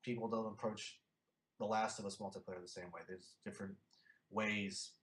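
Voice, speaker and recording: A young man from Philadelphia, a guest in a casual interview, talking haltingly with many fillers and restarts. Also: lowish voice, level tone, fairly bright tone, roomy sound.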